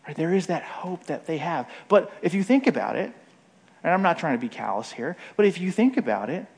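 A man preaching in a relaxed, conversational way, his voice sitting a little higher than most men's. He keeps checking in with his listeners with "right?" and slips into quick voices when he quotes others. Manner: frequent "right?" tag questions, acts out quoted voices. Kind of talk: conversational sermon.

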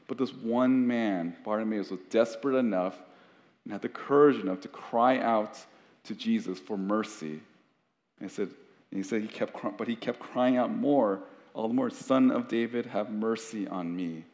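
A man's voice: on the low side, normal speed, a little mellow. A man preaching a sermon as pastor, earnest and conversational, often restarting his sentences. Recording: long hall reverb.

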